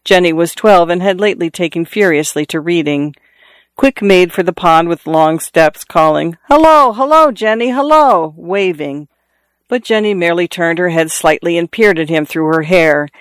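A man reading a novel aloud in a measured storytelling manner, lifting his voice for characters' calls. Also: steady tone, clear, resonant tone, no room sound, studio quality. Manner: measured storytelling, lifts pitch for quoted calls. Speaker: audiobook narrator. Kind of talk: scripted narration.

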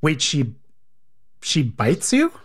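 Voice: mid-range voice, wildly swooping pitch, slow pace, breathy edge. An interviewer asking curious follow-up questions, reacting with short prompts. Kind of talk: conversational interview.

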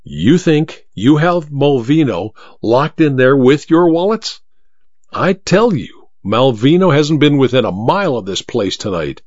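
A man voicing an excitable dapper male gentleman who speaks with urgent, insistent agitation. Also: mid-range voice, measured pace, no echo, muffled recording. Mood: excited.

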